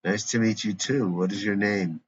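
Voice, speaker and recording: A man's voice: on the low side, steady tone, moderate pace, natural voice. A man reading a wry, unimpressed grandmother. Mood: dry. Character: dry, wry grandmother, older woman. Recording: dull lo-fi recording with faint hiss.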